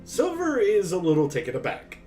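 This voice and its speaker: A man's voice: mid-range voice, expressive, a little slow, recorded from a distance, soft background music. A man narrating as game master in casual, profane, joking chat.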